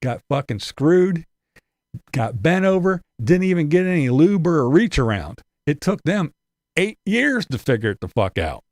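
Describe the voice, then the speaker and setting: A man's voice: mid-range voice, a little mellow, no room sound, clean studio sound. A man hosting his channel, giving rambling, profane commentary in a casual tone with frequent chuckles. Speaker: channel host.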